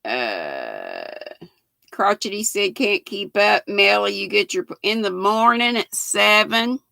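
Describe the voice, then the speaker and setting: An older woman in her sixties with a drawl hosts a relaxed livestream, reading out chat messages and greeting viewers by name. She talks slowly in a gravelly voice with a bright edge, close to the mic in a dry room. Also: medium pitch, no echo. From United States. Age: 60s. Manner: chatty, reads viewer comments aloud and greets viewers by name. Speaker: channel host reading live chat.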